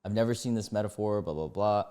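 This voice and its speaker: A man in his twenties reads online posts aloud and reacts to them with excitable rants. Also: quick pace, smooth. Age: 20s. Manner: excitable, ranting, sudden jumps in pitch. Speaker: YouTuber reading Reddit posts.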